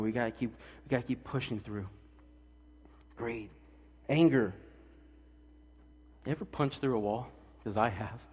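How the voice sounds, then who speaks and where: Lively joking pastor in a reverberant church. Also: male voice, mid-range voice, husky. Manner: animated, jokey, acts out quick voices. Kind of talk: lively casual sermon. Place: church sanctuary. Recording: church hall with long reverb.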